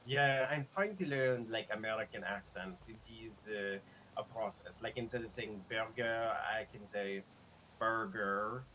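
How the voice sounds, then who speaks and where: A man's voice: lowish voice, unhurried, pushed and bright, a little hiss or hum, rough recording. A man doing a chatty French lifeguard. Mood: friendly. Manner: chatty, rambling, laughs often, struggles with his R's. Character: easygoing young male French lifeguard and medic. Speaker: roleplay streamer. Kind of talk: casual in-character roleplay chat.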